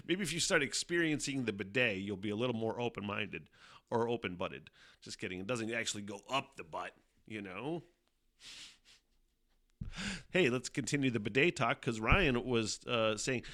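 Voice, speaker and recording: A man's voice: medium pitch, lively intonation, normal speed, sharp tone, no room sound, clean studio sound. A man hosting his own podcast, chatting casually and profanely, laughing often as he tells a story. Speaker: podcast host. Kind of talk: casual solo chat.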